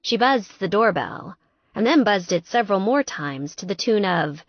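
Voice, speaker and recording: A woman narrating an audiobook in a lively, expressive storytelling manner. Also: medium pitch, normal speed, no echo, muffled recording.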